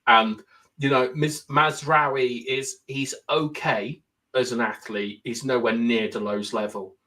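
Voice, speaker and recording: A man's voice: mid-range voice, fairly even intonation, slow, pushed and bright. A young man co-hosting a casual football podcast, explaining tactics at length and thinking aloud with lots of fillers. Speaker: podcast co-host.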